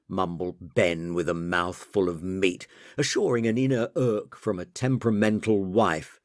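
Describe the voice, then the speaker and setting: A man reading a novel aloud as audiobook narrator, slipping into lively voices for the characters. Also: fairly low pitch, unhurried, few pauses, dry recording, clean studio sound. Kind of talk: scripted narration.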